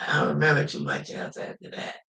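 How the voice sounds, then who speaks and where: Older woman, interviewee, quiet halting speech, gravelly edge, echoey broadcast clip. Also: low voice. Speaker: interviewee, mother. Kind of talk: recounting a loss in a TV interview.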